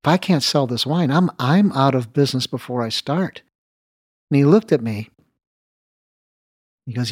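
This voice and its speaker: A man's voice: medium pitch, normal speed, pauses often, breathy edge, dry recording, clean studio sound. A man, a winemaker, tells a long anecdote in an interview and acts out both sides of the conversation with light laughs. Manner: anecdotal, animated retelling of dialogue with light laughs. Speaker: winemaker guest. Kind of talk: storytelling interview.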